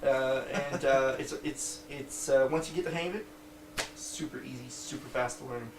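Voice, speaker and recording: A man's voice: mid-range voice, moderate pace. Rambling man reviewing board games, roomy distant sound. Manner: rambling, many fillers and restarts, swears freely. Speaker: podcast co-host. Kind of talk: casual board game review chat. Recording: roomy distant mic with faint background noise.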